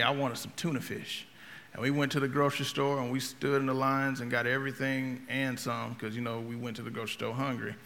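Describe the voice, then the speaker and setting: A man preaching a sermon in a conversational, humorous way, telling stories and swinging between quiet talk and loud outbursts. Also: medium pitch, big-room sound.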